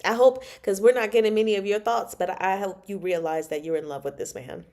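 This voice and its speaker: A woman hosts a casual livestream book chat with an animated, exasperated energy. She laughs often and talks back to the characters, and her voice sits at an ordinary middle pitch. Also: a little fast. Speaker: book club host.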